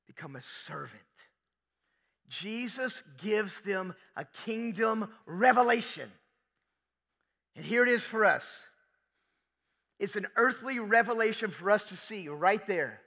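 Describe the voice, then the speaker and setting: A man's voice: high voice, creaky, bright, forceful tone. A man preaching a sermon as pastor, emphatic, asking rhetorical questions and repeating key phrases.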